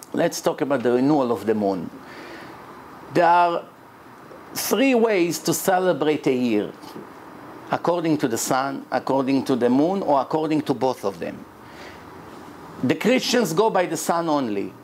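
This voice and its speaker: A man's voice: a little high, darkish tone, a little hiss or hum. A man, a rabbi who speaks natively, giving an emphatic religious lecture in English.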